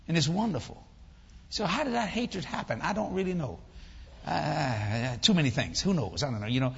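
Animated high-voiced preacher in a hall. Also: male voice, creaky, slightly rough, lo-fi sound. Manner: animated comic storytelling. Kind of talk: humorous sermon storytelling.

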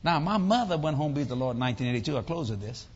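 A man preaching a sermon, telling a family story in an animated, comic way. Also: on the high side, very fast, slightly rough, big-room sound, lo-fi sound.

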